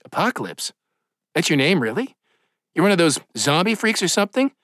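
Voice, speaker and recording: Casting: man playing a nosy young guy, pitched up, lively. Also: fairly quick, no room sound, studio quality. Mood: prying. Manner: prying, incredulous. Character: nosy young male dude, skeptical.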